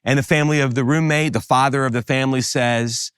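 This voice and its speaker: A man's voice: mid-range voice, a little fast, few pauses, clear, resonant tone, dry recording, clean studio sound. Southern man preaching with emphatic rises. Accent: Southern American. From American South, New Orleans area. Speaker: pastor. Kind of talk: sermon.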